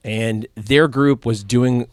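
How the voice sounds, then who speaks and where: A man's voice: mid-range voice, fairly even intonation, slow pace, no room sound, studio quality. A man hosting a podcast in casual chat, telling stories in a rambling way whose voice drops off at the ends of phrases. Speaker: podcast host.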